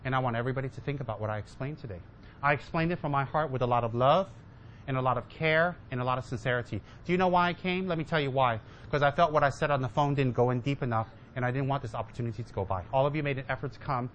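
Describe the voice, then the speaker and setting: A man's voice: medium pitch, fast talker, fairly bright tone, a little hiss or hum. A man giving a humorous Dharma talk as a Buddhist teacher, joking with and teasing his listeners and mimicking his students.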